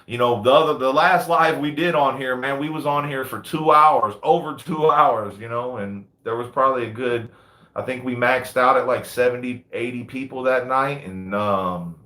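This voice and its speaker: With a bright, forceful, medium-pitched voice at a moderate pace, this relaxed livestream host and dog breeder in his thirties chats casually indoors under big lights. He often says "man" and "you know what I mean," and his voice reverberates around the space.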